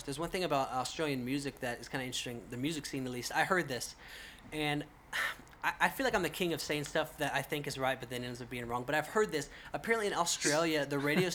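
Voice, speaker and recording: Brief: young male podcast host, fast talker, bright voice, faint hiss. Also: medium pitch. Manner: quick, goofy and self-deprecating. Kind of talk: casual podcast interview.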